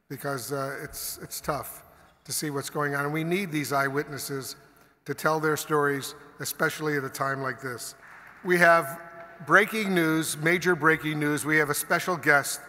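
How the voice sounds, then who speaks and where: A man hosting a commemorative event, speaking earnestly and a little haltingly before introducing a guest. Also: on the high side, bright, forceful tone. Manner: earnest, halting, repeats words. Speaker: event host. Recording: reverberant hall from a stage mic.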